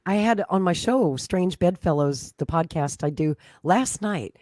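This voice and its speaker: A woman's voice: fairly low pitch, expressive, unhurried, darkish tone, no room sound, studio quality. An American woman talking politics as a podcast guest, confident and talkative, with frequent restarts. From United States. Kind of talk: casual political chat.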